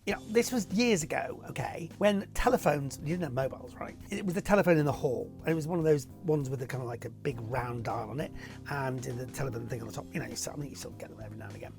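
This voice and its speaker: A middle-aged man from Warrington, England, talks to camera from his home office, answering viewer questions in a chatty, rambling, self-deprecating way. His voice has a gravelly edge. Faint music plays quietly behind him. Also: medium pitch, fast talker. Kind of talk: casual to-camera Q&A.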